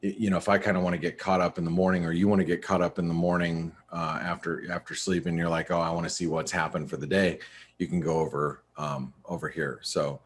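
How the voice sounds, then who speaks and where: A man's voice: deep voice, little pitch movement, quick pace, hardly any pauses, a little hiss or hum. A man hosting a live trading webinar, sounding tired and rambling through a screen-share walkthrough with lots of fillers and restarts. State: tired, yawning. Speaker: webinar host.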